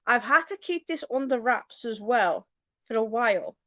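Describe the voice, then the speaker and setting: A woman vlogging in casual chat, talking in a halting, hesitant way with many fillers. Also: a little high, lively intonation, a bit bright, no room sound, dull audio.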